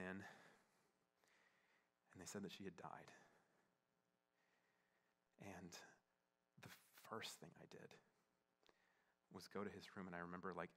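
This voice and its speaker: A young man preaching through a personal story, his voice lower than most and bright at the edges. He halts and circles back with many fillers, then drops into a hushed, tender hush. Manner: halting, many fillers, shifts from playful to hushed and tearful. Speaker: pastor. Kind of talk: sermon storytelling.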